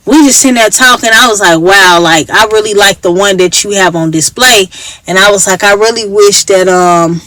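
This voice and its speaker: Woman with a Chicago accent, chatty storyteller, mid pitch, dry close recording. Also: fairly bright tone, no room sound, low-quality recording. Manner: chatty, acts out quoted voices. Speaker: vlogger. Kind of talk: casual storytelling.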